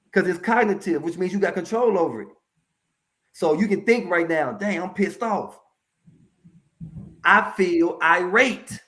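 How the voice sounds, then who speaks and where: A man speaking as a mental health professional in a casual interview, telling stories in a lively, colloquial way and addressing the audience directly. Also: high voice. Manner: animated, colloquial, preachy asides to the audience.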